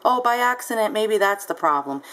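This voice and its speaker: A woman's voice: medium pitch, lively intonation, moderate pace, fairly bright tone, close to an everyday voice. A woman voicing a nonchalant, sugary female buyer brushing off a problem on the phone. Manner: sugary, dismissive reassurance.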